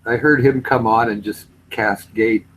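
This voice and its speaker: A man's voice: fairly low pitch, normal speed, a little hiss or hum, poor audio. A man from Canada in a casual voice chat, telling stories with a laugh and slipping into other accents. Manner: animated, puts on British accents while retelling, laughs often.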